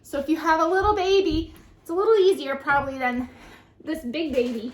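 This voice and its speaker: A young adult woman, a children's librarian, reading a picture book aloud and leading lap-bounce songs in a sing-song, animated storytime voice. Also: high voice, brisk. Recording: echoey room with faint noise.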